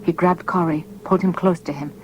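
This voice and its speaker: A woman narrating an audiobook in a measured, dramatic storytelling manner. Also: lowish voice, fairly even intonation, a little mellow, dull audio, slight background noise. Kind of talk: scripted narration.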